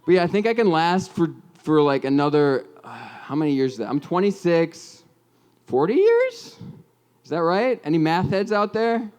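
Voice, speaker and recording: A young man in his twenties from Minnesota works through a rambling, self-deprecating stand-up set. His voice sits a little high and comes across smooth and clear over a stage mic. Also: expressive, moderate pace, few pauses, darkish tone. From Minnesota, USA. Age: 20s. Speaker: stand-up comedian. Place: comedy club stage with audience.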